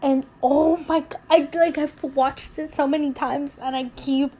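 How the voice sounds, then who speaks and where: A young woman with a notably high voice talks through a casual solo podcast episode. She rambles candidly, leans on fillers and restarts, and sounds emotional, close to tears. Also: steady tone, a little slow, warm tone. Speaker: podcast host.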